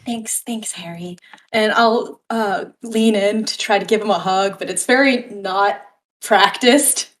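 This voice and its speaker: A woman's voice: medium pitch, steady tone, measured pace, a little hiss or hum. A woman player casually describing her character's actions in a tabletop game, with a chatty, hesitant manner.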